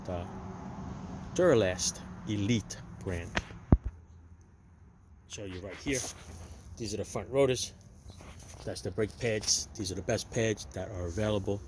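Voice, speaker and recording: Chatty low-voiced man explaining car repair. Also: a little slow, long pauses, a little hiss or hum. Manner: chatty, addresses viewers as "people"; blunt, opinionated advice. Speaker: DIY car repair channel host. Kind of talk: casual how-to walkthrough.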